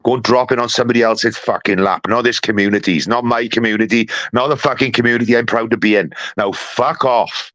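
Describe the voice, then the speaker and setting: A man ranting angrily and profanely to his live-stream community, jumping between loud outbursts and low mutters. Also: steady tone, fast, hardly any pauses, no echo, muffled recording. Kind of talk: angry live-stream rant.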